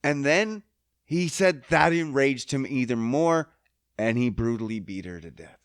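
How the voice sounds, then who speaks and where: A man's voice: medium pitch, animated, measured pace, clear, resonant tone, no room sound, studio quality. A man hosting a podcast, ranting angrily with heavy profanity and sounding choked up. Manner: angry, heavily profane, emphatic. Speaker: podcast host. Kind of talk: emotional monologue rant.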